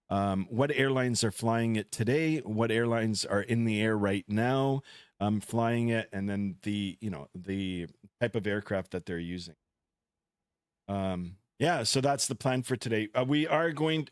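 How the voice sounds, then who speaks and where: A Canadian man talks loosely through a live flight-sim stream, greeting viewers and musing between tasks. His voice sits at an ordinary middle pitch. The sound is dry and close, with no room echo. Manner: relaxed, chatty, reads out viewer comments. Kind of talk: casual live-stream chat.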